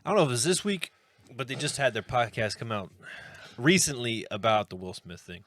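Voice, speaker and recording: Bright-voiced laughing podcast guy. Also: mid-range voice, expressive, no echo. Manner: laughs easily, retells clips with quick impressions. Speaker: podcast co-host. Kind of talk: casual chat.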